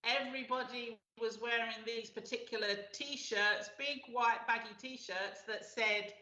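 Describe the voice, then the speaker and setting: Chatty middle-aged lady host, bright tense voice, kinda echoey lo-fi. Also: a little high, steady tone, measured pace. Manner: chatty, laughs often, frequent fillers. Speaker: radio show host. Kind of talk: casual chat. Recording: echoey, dull lo-fi sound.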